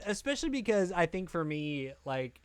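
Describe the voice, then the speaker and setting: A man co-hosting a podcast in casual chat, animated, laughing often and talking with lots of filler words into a podcast mic. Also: sits high, normal speed, smooth, dry recording. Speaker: podcast co-host. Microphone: podcast mic with pop filter.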